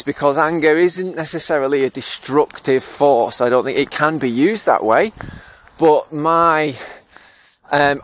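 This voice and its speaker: A man's voice: medium pitch, fairly bright tone. A man hosting a solo podcast, reflecting in a thoughtful, self-deprecating way with fillers and frequent laughs. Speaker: podcast host and therapist.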